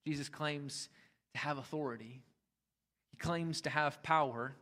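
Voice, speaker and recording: High-voiced man preaching a lively sermon. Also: unhurried. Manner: conversational preaching with emphatic rises and quiet drops. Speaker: pastor.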